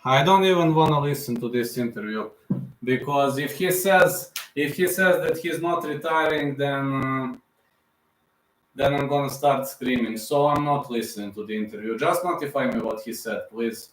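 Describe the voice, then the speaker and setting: A man's voice: mid-range voice, normal speed, reverberant, low-quality recording. A man in his thirties hosting a live fight reaction stream, talking in an emotional, repetitive fan manner. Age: 30s.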